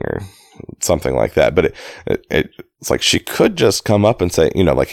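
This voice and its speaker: A man with a very deep, gravelly voice reads a novel aloud at a moderate pace, very animated yet dry and casual in manner. He pauses often, corrects his own slips, and breaks off for chatty asides about his reading. The recording has no room sound.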